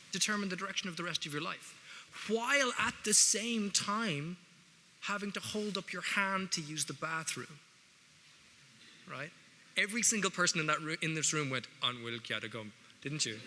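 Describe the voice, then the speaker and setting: A wry Irish man speaks to a hall of students, his voice very bright and a little high. His talk is conversational and full of jokey asides. The long reverb of a large hall trails each phrase. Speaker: guest speaker. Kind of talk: public speech to students. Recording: reverberant hall, faint noise.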